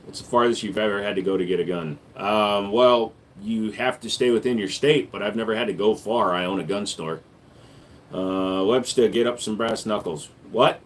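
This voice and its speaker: A man hosting a casual livestream, answering viewer questions with a relaxed, joking manner that gets louder when he hypes up the chat. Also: on the low side, normal speed, a little hiss or hum. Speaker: livestream host and gun store owner.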